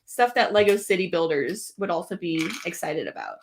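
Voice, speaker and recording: A woman's voice: on the low side, big pitch swings, normal speed, soft background music. Giggly, enthusiastic woman guest. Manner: enthusiastic, giggly, many fillers. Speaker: guest streamer. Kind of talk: casual live-stream chat.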